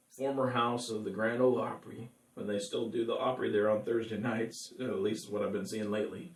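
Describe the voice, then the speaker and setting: A man, a singer-songwriter, chatting casually with viewers between songs, rambling and laughing often. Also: medium pitch. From California. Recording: echoey room, mic at a distance.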